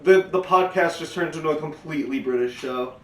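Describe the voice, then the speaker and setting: A man's voice: on the high side, fairly quick. Easygoing man co-host, laughs a lot, casual chat, distant mic, echoey room. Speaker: podcast co-host.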